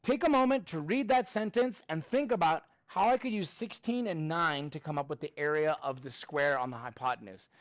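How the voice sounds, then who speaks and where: A man's voice: fairly high pitch, moderate pace, hardly any pauses, no echo. A man teaching a math class, upbeat and prompting students for answers.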